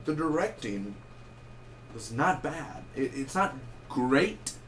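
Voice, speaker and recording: Over slight background noise, a young man with a mid-range voice reviews a movie in a casual spoken style. His delivery is rambling and animated, full of self-corrections and quick asides.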